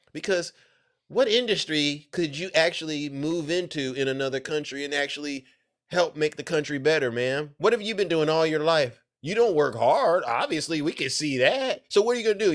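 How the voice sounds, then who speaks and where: A man streaming live reaction commentary, mocking and animated with frequent exclamations. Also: fairly high pitch, moderate pace.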